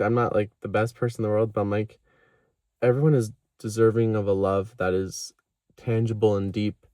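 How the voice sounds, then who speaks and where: In a candid confessional vlog, this young man opens up to camera about therapy and self-worth, filling his rambling with fillers and laughing as he quotes himself. He has a fairly low, slightly mellow voice, recorded dry and at studio quality.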